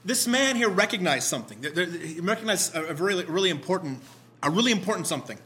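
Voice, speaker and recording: A man leading a prayer, reading scripture aloud and preaching in a conversational, animated way with self-deprecating asides. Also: high voice, quick pace, a little hiss or hum. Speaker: pastor.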